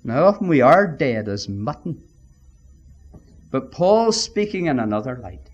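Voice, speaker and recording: A man preaching a sermon, emphatic and deliberate, often addressing his listeners as friends. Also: medium pitch, very animated, muffled recording.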